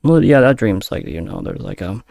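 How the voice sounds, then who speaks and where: A man from Peru giving casual reaction commentary, halting and repeating himself often. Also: lowish voice, sing-song, vocal fry, a little mellow. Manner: halting, repeats "right?" and "okay". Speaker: reaction video host.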